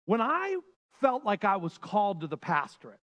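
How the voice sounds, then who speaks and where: A male pastor preaching a sermon with passion, swinging between loud bursts and hushed lines. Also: sits high, huge pitch swings, moderate pace.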